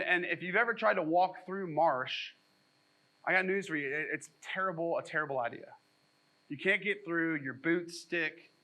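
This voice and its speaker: Male pastor, slightly high and bright, easygoing sermon with jokey asides. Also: low-quality recording. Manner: conversational, self-deprecating asides between scripture readings.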